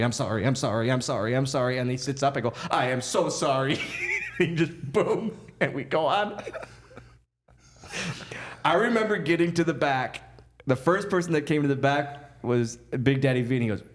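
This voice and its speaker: A man, a podcast guest, telling stories in an animated way, laughing often and acting out other people's voices. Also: medium pitch. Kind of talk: storytelling on a podcast.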